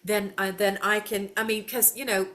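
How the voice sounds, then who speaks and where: A woman, a psychic doing casual readings on a live call, animated, folksy and quick to laugh. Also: medium pitch. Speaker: psychic guest.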